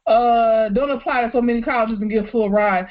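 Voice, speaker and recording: A woman co-hosting a podcast in casual chat, outspoken and animated, laughing often. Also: fairly high pitch, a little fast, phone-quality sound. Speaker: podcast co-host.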